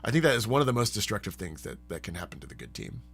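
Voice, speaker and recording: A man hosting a live stream, chatting casually in a rambling, animated way and laughing often. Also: on the low side, racing, gravelly, husky. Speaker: streamer and host.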